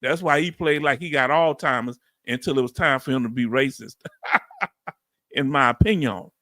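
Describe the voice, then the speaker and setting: A man's voice: mid-range voice, moderate pace, sharp tone, dry recording, studio quality. A middle-aged man with a Southern accent hosting a live Q&A stream, talking casually, reading out chat comments and often laughing. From United States. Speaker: livestream host. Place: Texas.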